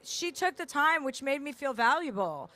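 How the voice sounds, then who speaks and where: A woman author speaking candidly onstage at a book festival, talking fast with many fillers and restarts. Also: high voice, big pitch swings, sharp tone. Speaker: author and guest. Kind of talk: onstage conversation. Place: festival stage.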